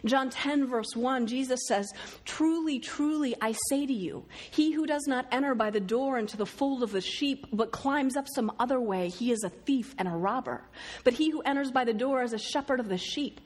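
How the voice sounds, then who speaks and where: Storytelling woman preacher, slightly high voice. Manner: storytelling, quoting others in lively voices. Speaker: speaker. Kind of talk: sermon.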